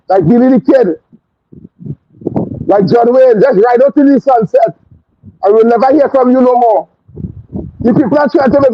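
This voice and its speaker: A man with a Trinidadian accent hosting a talk show, delivering a fiery, scornful political rant full of repetition. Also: very high-pitched. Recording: dull lo-fi stream audio with faint hiss.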